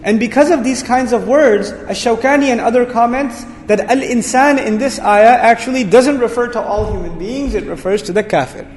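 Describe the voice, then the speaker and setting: A man's voice: very high-pitched, normal speed, few pauses. A man teaching a lecture on Quranic word meanings, explaining with energy and repeating his key words. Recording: echoey hall reverb.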